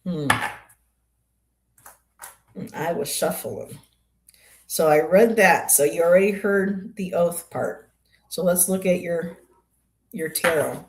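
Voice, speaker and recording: Low-voiced older woman chatting live. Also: takes it slowly, long pauses. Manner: chatty, talks to viewers by name. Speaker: tarot livestream host. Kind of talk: casual livestream chat.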